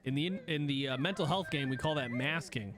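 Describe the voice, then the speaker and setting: A man's voice: medium pitch, brisk. A young man streaming a game, chatting casually, rambling and swearing as he restarts his sentences. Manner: swears freely, rambling, self-correcting. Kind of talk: casual gaming stream chat. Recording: music playing behind.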